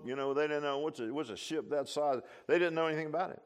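A pastor preaches in a folksy, conversational way. He leans into loud, emphatic calls, then drops to low, quiet asides. His voice sits a touch high for a man. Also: fast, hardly any pauses, clean tone. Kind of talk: sermon.

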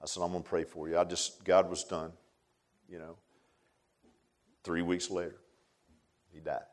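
A man, preaching a sermon in a folksy way, dropping to hushed asides and rising to loud emphatic lines. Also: deep voice, flat delivery, moderate pace. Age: 60s. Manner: folksy, repeats phrases, calls listeners "man". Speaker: pastor.

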